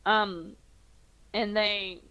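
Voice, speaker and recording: Bright-voiced Australian woman game master. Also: medium pitch, steady tone, extremely slow, smooth, muffled recording. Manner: hesitant, many ums and uhs. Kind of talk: narrating a tabletop game.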